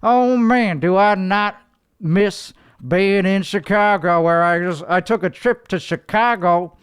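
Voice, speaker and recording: Brief: a man as a grandiose, rambling podcast host, high and smooth, dry close mic. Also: slow, no room sound. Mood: pompous. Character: pompous self-important male podcast host. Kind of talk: comedic podcast clip.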